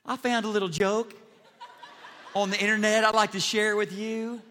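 A man's voice: high-pitched, flat delivery, moderate pace, bright, forceful tone, a little hiss or hum. A pastor imitating a smiling, folksy male preacher with a Texas twang. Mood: joking. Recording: long reverb in a large hall.

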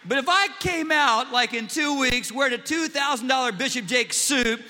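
Brief: male preacher, animated and self-mocking, high voice, big hall reverb. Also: moderate pace, soft background music. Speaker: pastor. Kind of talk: sermon. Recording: long reverb in a large church hall.

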